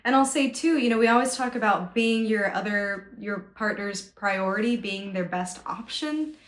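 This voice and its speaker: A woman working as a relationship coach, talking in a thoughtful, measured, analytical way in a podcast discussion. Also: medium pitch, roomy sound.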